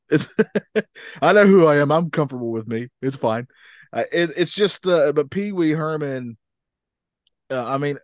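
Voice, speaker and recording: A man's voice: medium pitch, no echo, clean studio sound. Easygoing man agreeing with laughs. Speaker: podcast co-host. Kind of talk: casual chat.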